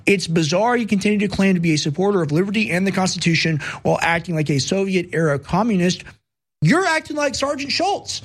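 A man's voice: high voice, quick pace, few pauses. A man hosting a political commentary show, combative and mocking as he reads posts and answers them. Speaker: show host.

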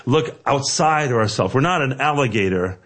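A man's voice: mid-range voice, animated, moderate pace, a bit bright. A man speaking earnestly in a played clip, loose and full of fillers.

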